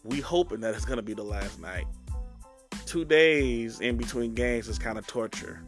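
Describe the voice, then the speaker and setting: A man's voice: medium pitch, moderate pace, faint music behind. A man hosting a sports podcast, chatting casually with guests and then wrapping up the episode alone. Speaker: podcast host.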